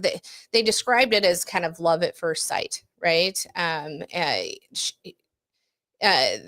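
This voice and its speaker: Low-voiced woman in casual podcast chat. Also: fairly bright tone, no echo. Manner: chatty, lots of fillers and self-corrections, laughs easily. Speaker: podcast co-host. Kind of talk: casual true-crime chat.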